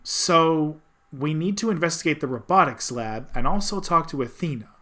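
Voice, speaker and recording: A man's voice: a little high, lively intonation, moderate pace, sharp tone. A man streaming a courtroom game, chatting casually, swearing freely and laughing often.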